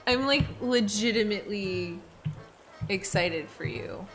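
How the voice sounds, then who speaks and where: A woman hosting a casual live stream while gaming, gushing and excitable, with squealing bursts. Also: medium pitch, moderate pace, soft background music. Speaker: streamer host.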